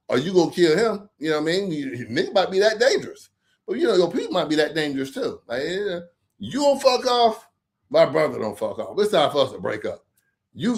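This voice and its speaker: A man hosting a casual livestream, telling stories bluntly and profanely, laughing often and addressing viewers by name. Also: high voice. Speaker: livestream host reading viewer comments.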